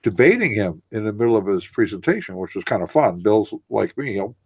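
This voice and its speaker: A man's voice: lowish voice, sing-song, brisk, husky, dry recording. A man co-hosting a casual radio discussion, explaining in long, winding, earnest sentences. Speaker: co-host.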